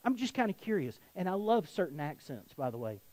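A man's voice: on the high side, sing-song, a little fast, a little mellow, dry recording, low-quality recording. A man with a Southern US accent preaching a sermon to his congregation, conversational with joking asides. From Southern United States. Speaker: pastor. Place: church sanctuary.

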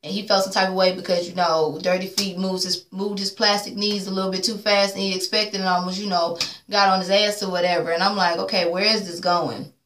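A woman's voice: mid-range voice, little pitch movement, brisk, fairly bright tone, reverberant, a little hiss or hum. A woman recapping a reality show episode in a blunt, sassy rant full of swearing, acting out the cast's lines. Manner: blunt, sassy, swears a lot, acts out quotes. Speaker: recap vlogger.

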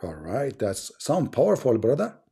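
A man's voice: mid-range voice, huge pitch swings, moderate pace, creaky, mellow, slightly rough. A man with an Arabic accent hosting a live debate stream, taunting and sarcastic toward his callers. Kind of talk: mocking live-stream banter.

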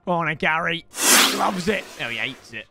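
A young Englishman commentating his football video game with energetic, shouty, slangy banter aimed at his viewers. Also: fairly high pitch, moderate pace, gravelly, loud music behind the voice. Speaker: gaming YouTuber. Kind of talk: excited gameplay commentary.

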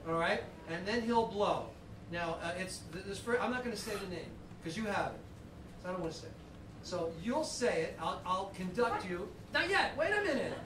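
A man leading a shofar service as cantor, chatty and joking as he conducts the congregation. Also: sits high. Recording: echoey hall, far from the mic, noisy.

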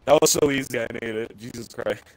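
A man's voice: mid-range voice, fast talker, a little mellow, no room sound, low-quality recording. A young man bossing a friend around while they play a game together, swearing and exasperated. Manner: profane, bossy and exasperated. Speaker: gamer. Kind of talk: casual co-op gaming chat.

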